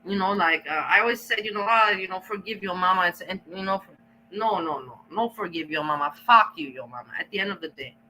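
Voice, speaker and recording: A woman's voice: lowish voice, lively intonation, pushed and bright, a little hiss or hum, low-quality recording. A woman vlogger ranting to her camera, blunt and defiant, cursing often and stalling as she hunts for words. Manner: halting, searches for words. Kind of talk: casual rant to camera.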